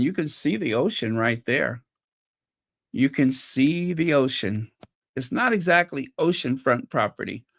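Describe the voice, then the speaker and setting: A woman's voice: extremely low pitch, dry recording, studio quality. A woman hosting a fan channel livestream, chatting casually, thinking aloud and reading out viewer comments. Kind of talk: casual chat reacting to clips and viewer comments.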